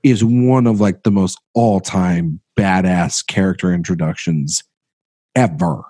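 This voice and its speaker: Low, mellow-voiced man chatting about films. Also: no echo. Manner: halting, many restarts, trails off quietly. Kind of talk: casual film discussion.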